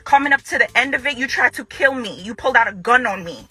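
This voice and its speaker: A woman's voice: on the high side, lively intonation, quick pace, pushed and bright, slightly rough, dry recording, faint music behind. A woman making an angry direct-to-camera statement to her ex-husband, confrontational and repeating phrases for emphasis. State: furious. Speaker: ex-wife speaking out.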